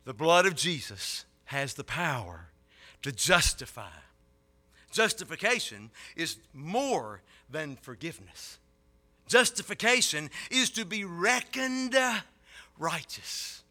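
Forceful, bright-voiced preacher, rising and falling. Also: male voice, big pitch swings, slow. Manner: builds to loud impassioned peaks, then drops low. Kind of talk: sermon.

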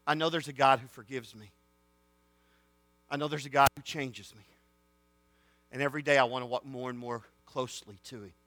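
A man preaching to students, rising to shouted excitement. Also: on the high side, no room sound. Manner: folksy, builds to shouted excitement. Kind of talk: sermon storytelling.

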